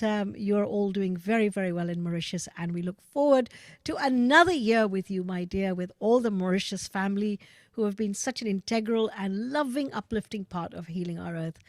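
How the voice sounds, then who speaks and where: A woman hosting an online gathering by video call, speaking gently and devotionally and moving into sung prayer. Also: medium pitch, no room sound, clean studio sound. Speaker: host and singer. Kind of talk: online event talk with prayer songs.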